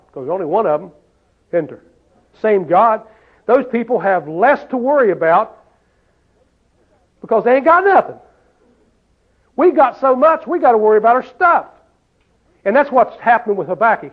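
A man preaching a sermon in a folksy way, often asking the listeners questions and saying "see?". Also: high-pitched. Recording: tinny phone-like sound.

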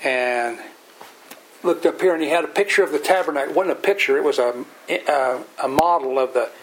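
A man's voice: on the high side, brisk, a bit bright, low-quality recording. Folksy man teaching a Bible study. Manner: folksy, plain-spoken storytelling; explains scripture verse by verse.

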